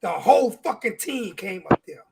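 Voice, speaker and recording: A man's voice: high-pitched, expressive, normal speed, vocal fry, noisy background. A man on a sports talk show, ranting with heavy swearing and repeating his words. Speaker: show regular.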